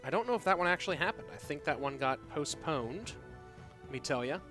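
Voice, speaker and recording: Male stream host, relaxed, jokey chatter, slightly high voice, faint music behind. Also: a little fast. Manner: laid-back, joking, chatty. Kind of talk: casual live-stream commentary.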